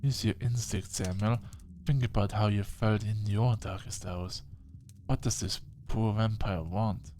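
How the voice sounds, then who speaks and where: An actor playing a wise, dryly encouraging ancient male vampire mentor in a game, speaking in a measured way. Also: on the low side, fairly even intonation, mellow, natural voice. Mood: gentle.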